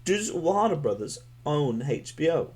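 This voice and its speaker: A man's voice: a little high, sing-song, a little slow, darkish tone. A young man with an American accent co-hosting a satirical comedy podcast, laid-back, trailing off and calling his friend man and dude. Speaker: podcast co-host. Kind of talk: satirical comedy chat as a film bro.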